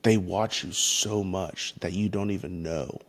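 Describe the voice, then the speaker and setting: Male podcast host, deep gravelly voice, slow and earnest, faith-based parenting talk. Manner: earnest, halting, frequent restarts.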